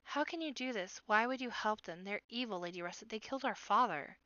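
Fiery little girl rabbit done by a woman, urgent and loud, bright crisp voice, dull lo-fi sound. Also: fairly high pitch, lively intonation, brisk, no room sound. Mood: fierce. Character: fierce, quick-witted young girl rabbit.

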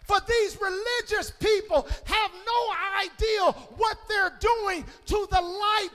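A man preaching a sermon as pastor, calling on the congregation and swinging between shouted peaks and hushed low passages. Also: steady tone, takes it slowly. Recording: long hall reverb.

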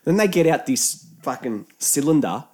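A man's voice: a little high, animated, moderate pace, a little mellow. A man with an Australian accent telling a rambling, profane anecdote in a casual chat, often mimicking other people's voices.

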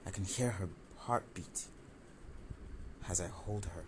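A man with a low voice recounts a personal story in the first person. He talks in an animated, confessional way and pokes fun at himself. Room ambience sits clearly behind him. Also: slow pace, long pauses, background noise. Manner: animated, confessional, self-mocking.

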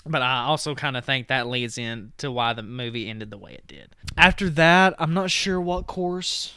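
A man's voice: mid-range voice, moderate pace, pushed and bright, clean tone, dry recording, studio quality. A man co-hosting a podcast, casually retelling a film's plot and filling his talk with "like" and "you know.". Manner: rambling, heavy on "like" and "you know". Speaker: podcast co-host. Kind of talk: casual movie recap.

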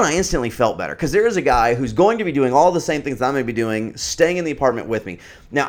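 Rambling man in his thirties telling a story. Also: mid-range voice. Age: 30s. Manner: rambling, many fillers and restarts. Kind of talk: casual storytelling.

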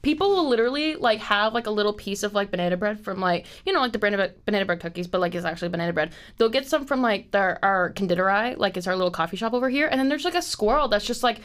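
A woman's voice: mid-range voice, expressive, rapid-fire, few pauses, fairly bright tone. A woman in her twenties hosting a podcast in casual chat, rambling, packing in "like" and swearing freely. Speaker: podcast host.

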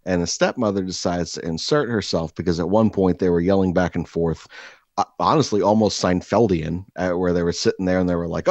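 A man hosting a podcast, telling a crude comic story in an animated, rambling way with many fillers, seated across from his co-host. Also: deep voice, a little fast, no room sound, lo-fi sound. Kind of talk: casual comedic storytelling.

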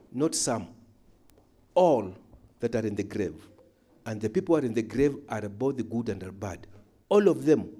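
Guy preaching a bible study, warm low voice, gets loud then drops quiet. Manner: emphatic, swings from loud calls to low asides. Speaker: pastor. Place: church hall.

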